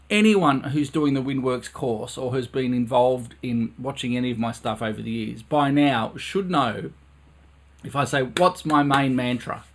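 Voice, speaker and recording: Male brass teacher, mid-pitched, earnest, repeats himself to drive the point home; live stream from his studio. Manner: earnest, repeats phrases for emphasis. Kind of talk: live-streamed music lesson. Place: his own recording studio.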